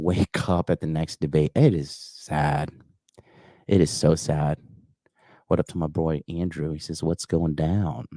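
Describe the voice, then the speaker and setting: A very low-voiced man in his thirties hosts a call-in livestream, chatting in a loose, rambling way. He swears often and fills his talk with "like" and "you know." The sound is close and dry, with almost no room echo. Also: mellow. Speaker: call-in show host. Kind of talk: casual livestream chat reading viewer comments.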